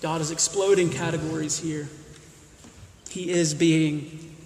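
A man's voice: on the high side, flat delivery, takes it slowly, a little mellow, slight background noise. A man preaching a sermon, emphatic, often repeating and restarting words as he stresses his points. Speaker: pastor. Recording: roomy hall with long reverb.

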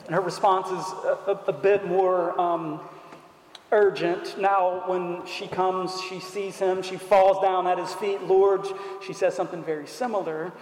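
A man preaching a sermon in an earnest, deliberate way, asking rhetorical questions. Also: high-pitched, flat delivery, a little mellow. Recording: echoey hall.

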